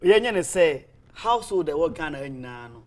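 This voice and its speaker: A man's voice: fairly high pitch, very animated, fairly quick. A man speaking emphatically and persuasively on a talk show.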